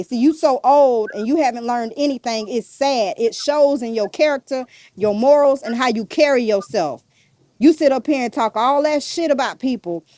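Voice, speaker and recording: A woman's voice: fairly high pitch, darkish tone, no echo. A woman guest on a podcast, ranting bluntly and defiantly, cursing and throwing insults nonstop. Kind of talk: heated rant in an interview.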